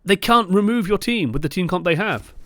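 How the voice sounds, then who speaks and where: A young man coaching over gameplay footage, moving from calm breakdowns to exasperated outbursts and swearing bluntly. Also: high-pitched, brisk, dry recording. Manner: swings from calm analysis to exasperated shouting. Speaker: game coach. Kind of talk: live-streamed gameplay review commentary.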